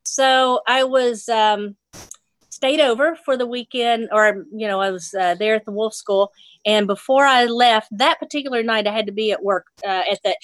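A woman's voice: medium pitch, a bit bright, no room sound. A woman from Nashville, a fly fishing instructor, telling a fishing story in casual chat, laughing often and acting out the voices she quotes. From Nashville, Tennessee.

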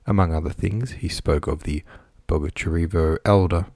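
Low-voiced man reading a classic novel. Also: moderate pace, darkish tone, no echo, studio quality. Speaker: audiobook narrator. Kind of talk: scripted narration of a classic novel.

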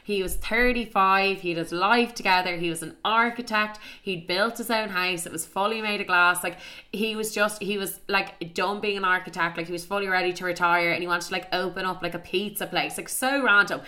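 A woman's voice: medium pitch, fairly even intonation, brisk, sharp tone. A young Irish woman casually telling a story, chatty, peppering her talk with "like" and swearing freely.

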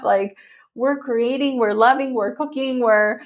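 A woman hosting a podcast in a casual interview, animated and effusive, laughing often and swearing freely. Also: on the high side, a little slow. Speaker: podcast host.

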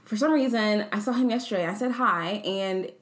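A woman co-hosting a casual podcast, slowly recounting an encounter in a relaxed way. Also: mid-range voice. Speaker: podcast co-host. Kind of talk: casual chat. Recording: echoey room.

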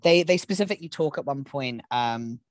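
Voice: medium pitch, animated, brisk, no echo. A podcast co-host speaks in a mid-range voice, picking apart the topic in casual analytical chat. The sound is dry and close, with many ums and you-knows along the way.

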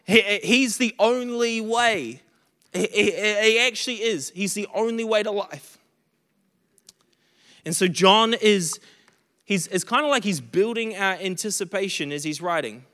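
A man who is recovering from illness preaches a sermon earnestly, short of breath, often stumbling and restarting as he stresses repeated phrases. His voice sits high and fairly bright, unhurried, with a big-room sound.

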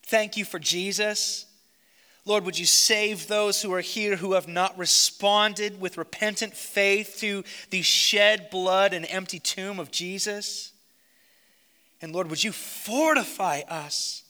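A man preaching and praying aloud as pastor, swinging between hushed, intimate lines and fervent outbursts. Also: high-pitched, takes it slowly. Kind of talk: sermon and closing prayer. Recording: long reverb of a large hall.

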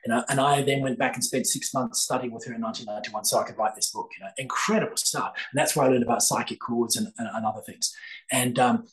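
A man's voice: medium pitch, quick pace, rough recording. An older man, a guest telling a long story with many fillers and restarts in a podcast interview. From Australia. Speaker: guest, psychic author.

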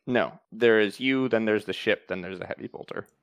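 A man running a tabletop game as game master, explaining rules and narrating in a calm, matter-of-fact way. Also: lowish voice, normal speed, clean tone, no room sound.

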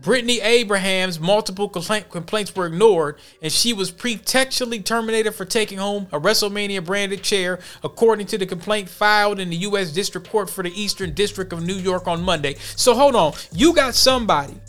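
Man, podcast host, high voice, blunt heated commentary, faint music behind. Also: brisk, few pauses, a bit bright. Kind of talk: reading news and commenting.

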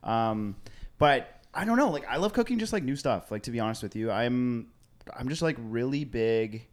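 A man's voice: medium pitch, animated, normal speed. A young man, a chef, chatting casually as a podcast guest in a laid-back, slangy way, often searching for words. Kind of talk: casual chat.

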